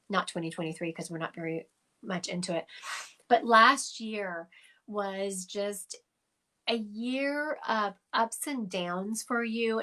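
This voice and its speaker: A woman's voice: medium pitch, a bit bright. A woman, a psychic medium giving an emphatic, affectionate reading to viewers on a live stream from her phone. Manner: chatty, emphatic, affectionate, addressing viewers directly.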